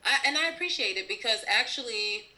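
A woman's voice: on the high side, expressive, a little fast, bright, forceful tone, rough recording. A young woman hosting a podcast in a casual chat, enthusiastic and affirming, laughing often. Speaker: podcast host.

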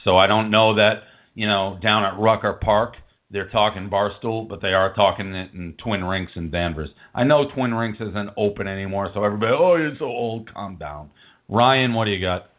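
A man's voice: on the low side, steady tone, moderate pace. Blunt rambling male radio host. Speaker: host taking listener calls. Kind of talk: casual call-in radio chat. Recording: narrow phone-like audio.

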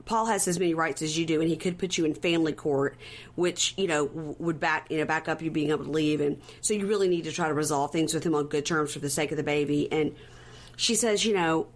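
A woman with a low voice and quick pace co-hosts a podcast, casually recapping scenes. She tells them in an animated way, acting out the quotes as she goes.

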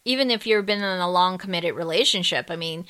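A woman's voice: on the low side, brisk, pushed and bright. A woman co-hosting a podcast, talking in an upbeat, emphatic way. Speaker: podcast co-host. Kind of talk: casual podcast chat.

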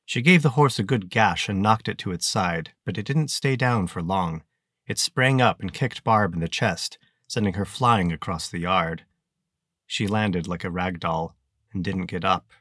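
A man narrating an audiobook in a steady, measured storytelling manner on a close mic. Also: sits low, dry recording.

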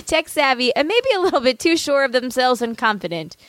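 A woman's voice: high voice, big pitch swings, fairly quick, a bit bright, no room sound. A woman in her thirties co-hosting a podcast, reading an article aloud in casual chat and laughing often with jokey asides. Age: 30s. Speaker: podcast co-host.

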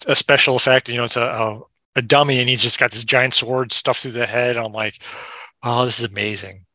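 Bright-voiced man chatting about a film. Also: mid-range voice, no echo. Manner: rambling, amused, trailing off. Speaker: podcast guest. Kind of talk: casual film discussion.

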